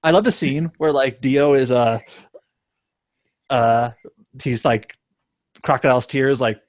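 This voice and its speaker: A man's voice: medium pitch, a little slow, no room sound. A man co-hosting a podcast in casual chat, rambling with lots of fillers and restarts. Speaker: podcast co-host.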